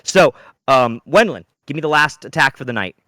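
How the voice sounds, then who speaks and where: A man running a tabletop game as game master, narrating dramatically with sudden loud outbursts. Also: medium pitch, animated, fairly quick, dry recording.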